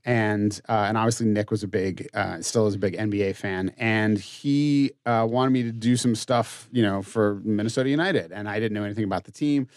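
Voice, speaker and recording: A man hosting a podcast, chatting in a relaxed way with restarts and fillers. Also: lowish voice, a little fast, few pauses, no echo, studio quality. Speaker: podcast host. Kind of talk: casual chat.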